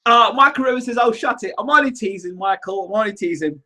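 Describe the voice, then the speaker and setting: A man hosting a casual live show, reading viewer comments aloud in an animated, teasing, rambling way. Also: high-pitched, fast. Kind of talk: casual livestream chat.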